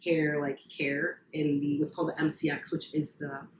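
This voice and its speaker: A woman's voice: low-pitched, flat delivery, moderate pace, recorded from a distance, noisy background. A woman who served as a Marine, chatting casually on a podcast and laughing often while she tells stories. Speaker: former Marine guest. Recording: roomy echo, off-mic, faint ambience.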